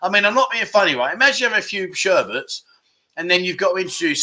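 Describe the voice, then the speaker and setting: A man in his fifties with a bright, forceful voice pitched a little high, hosting a relaxed livestream. He talks candidly and chuckles often as he reads out comments from viewers. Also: fast. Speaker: livestream host. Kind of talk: casual live chat reading viewer comments.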